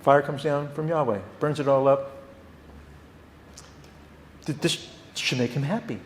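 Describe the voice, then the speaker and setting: Lively man teaching a church Bible class. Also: a little high, unhurried, reverberant, slight background noise. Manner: animated, repeats words, acts out quotes. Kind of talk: theology class lecture.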